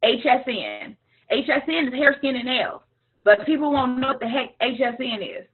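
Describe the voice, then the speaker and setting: A woman business coach, leading a live coaching session in a frank, animated way. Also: sits high, moderate pace, husky. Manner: animated, frank, imitates others playfully. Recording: tinny phone-like line.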